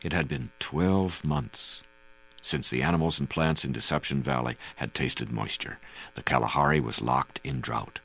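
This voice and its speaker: A man narrates a first-person memoir for an audiobook, his voice sitting very low with a gravelly edge. He reads in a measured, unhurried way. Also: fairly bright tone, poor audio.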